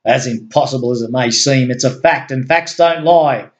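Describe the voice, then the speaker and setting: A man's voice: mid-range voice, normal speed, muffled recording, close to an everyday voice. A man voicing an earnest male agency chief in a homemade story reading, explaining things in an eager, insistent way. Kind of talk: amateur story reading with voices.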